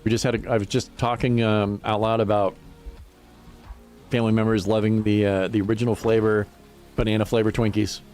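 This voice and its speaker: A man's voice: lowish voice, level tone, a little fast, a little mellow, soft background music. A man streaming a game and chatting casually with his viewers, rambling and swearing freely. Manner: profane, rambling, laughs often. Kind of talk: casual livestream chat while gaming.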